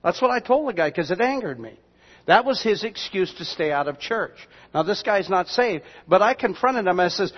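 With a high-sitting voice, lively intonation, and normal speed, a man preaching as pastor tells everyday stories conversationally, breaking off for asides to the congregation. It's a storytelling sermon, and the sound is dull and lo-fi with long reverb from the hall.

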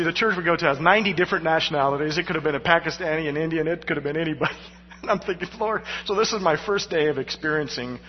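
A male pastor preaching a sermon through personal stories, animated and poking fun at himself with frequent laughter. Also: a little high, a little hiss or hum. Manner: animated, self-mocking, laughing between lines. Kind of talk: storytelling sermon. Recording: dull sound with long hall reverb.

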